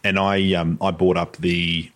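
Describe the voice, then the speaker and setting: A man's voice: deep voice, flat delivery, a little slow. An Australian man co-hosting a casual podcast, telling stories with lots of hesitations and restarts. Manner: rambling, many fillers and restarts. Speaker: podcast co-host, architect. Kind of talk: casual chat.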